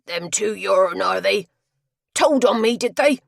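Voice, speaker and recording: A woman reading a big, sulky male tavern tapster with gruff rustic dialect speech. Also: on the low side, expressive, normal speed, fairly bright tone, dry recording, studio quality. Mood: belligerent.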